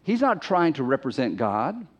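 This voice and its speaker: A man's voice: on the high side, sing-song, moderate pace. A man preaching a sermon in an emphatic, conversational way, often repeating phrases for stress. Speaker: pastor. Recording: muffled lo-fi recording.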